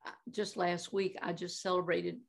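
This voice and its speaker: An eighty-something woman, a Christian minister and guest, shares animated stories in conversation, laughing a lot and leaning on fillers. There's vocal fry in her lowish voice, which keeps a flat pitch at a normal pace.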